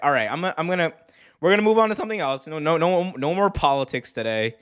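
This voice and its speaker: A man's voice: on the high side, expressive, fast talker, a bit bright, clear, resonant tone. A man hosting a live wrestling stream, talking in a loose, rambling way, swearing often and laughing easily as he reads chat. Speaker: host.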